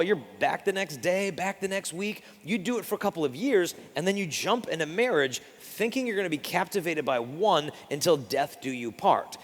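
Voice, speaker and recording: A man giving a live talk as a Catholic speaker, telling lively stories and acting out the quotes. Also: on the high side, in a large hall. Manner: animated storyteller acting out quotes.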